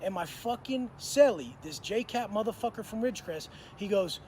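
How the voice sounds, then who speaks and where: Blunt, profane, high-voiced man. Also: animated, normal speed, few pauses, darkish tone, a little hiss or hum. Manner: blunt, profane, streetwise talk with slang. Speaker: former prisoner telling stories. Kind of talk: casual storytelling to camera.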